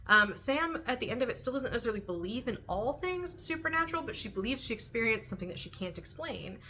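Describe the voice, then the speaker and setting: Talking to camera for a book review vlog, a young adult woman with a fairly high voice is chatty and animated. She laughs often and fills pauses with "um" and "like," over a slight hiss or hum.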